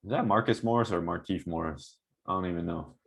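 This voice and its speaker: A man's voice: sits low, a little fast, gravelly, husky. A man who coaches basketball talks through game footage casually, asking "right?" often to check that the viewer is following. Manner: animated, coaching asides with frequent "right?". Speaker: basketball trainer breaking down game film. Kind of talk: casual film-breakdown commentary.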